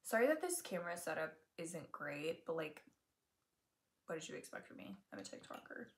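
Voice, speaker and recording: A woman's voice: deep voice, big pitch swings, normal speed, creaky, slight background noise. A young woman in her twenties chatting casually while doing her makeup, rambling and joking at herself, filmed on a tablet at home. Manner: rambling, self-mocking, jokey asides. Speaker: beauty vlogger. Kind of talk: chatty get-ready-with-me makeup talk. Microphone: tablet camera.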